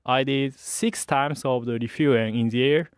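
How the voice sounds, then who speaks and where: A young man from Japan with a Japanese accent, a fighter pilot speaking English haltingly with many pauses in a radio interview. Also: mid-range voice, steady tone, no echo, studio quality. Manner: hesitant, halting English with many uhs and light laughs.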